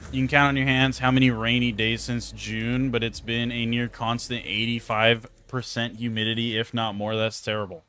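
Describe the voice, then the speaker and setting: A man's voice: mid-range voice, moderate pace, few pauses, clean tone. A young man streaming a game, telling stories to chat in a casual, swearing, exasperated way. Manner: animated, swearing, exasperated storytelling. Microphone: close desk mic.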